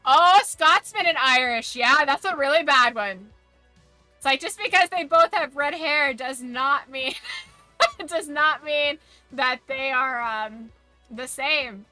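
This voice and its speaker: A woman's voice: sits high, slow pace, bright, forceful tone, no echo, faint music behind. A woman streamer chatting casually while gaming, opinionated and ranting, swearing freely.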